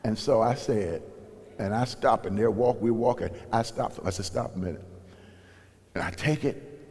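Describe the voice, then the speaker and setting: This pastor's voice is fairly low and darkish, at a normal speed, as he preaches folksy stories in a church sanctuary. He performs the dialogue in raised voices, and the big hall gives the recording a long reverb.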